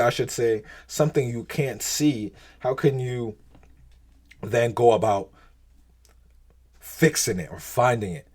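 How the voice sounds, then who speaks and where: A man's voice: medium pitch, a little mellow. Man, podcast host, casual faith reflection, rambling, restarts, chuckles. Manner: rambling, many restarts and "you know"s, chuckles.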